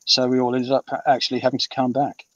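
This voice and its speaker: A man's voice: mid-range voice, monotone, fast, dry recording. A British man in his fifties, an author being interviewed, talking in a rambling way with many ums and restarts. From Britain. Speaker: author guest. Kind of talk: casual interview chat. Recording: muffled, distant and dry.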